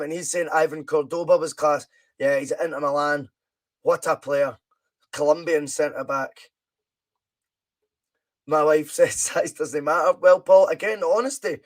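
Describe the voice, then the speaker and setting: A Scottish man hosting a casual live stream, bantering chattily and reading out viewer comments while he plays a football management game. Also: on the high side.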